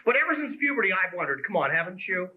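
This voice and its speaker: High, lively man doing stand-up. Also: very fast, narrow, tinny audio. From Pennsylvania. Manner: conversational, teasing the crowd, punchy delivery. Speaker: stand-up comedian. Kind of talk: stand-up comedy set. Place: comedy club stage. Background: audience laughter.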